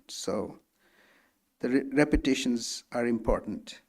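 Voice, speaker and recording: A man's voice: medium pitch, a little slow, a little mellow. A man giving a spiritual lecture as a guest speaker, telling stories in a conversational way, often restarting sentences and acting out the people he quotes.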